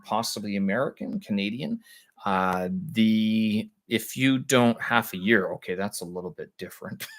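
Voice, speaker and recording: A man on a live stream, thinking aloud with halting speech as he explains language points to his viewers. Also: mid-range voice, fairly bright tone. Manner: halting, searching for words with many pauses.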